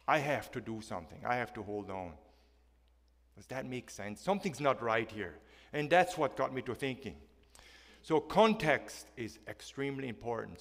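A man preaching a sermon, asking his congregation questions and swinging between loud and soft delivery. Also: mid-range voice. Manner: emphatic, asks the congregation questions. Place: church hall. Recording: long reverb of a church hall.

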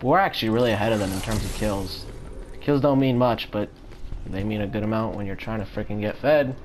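A man giving live commentary on his own gameplay, excitable, swearing often and repeating phrases in quick bursts. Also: on the low side, slight background noise. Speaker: gamer. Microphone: home setup without face cam.

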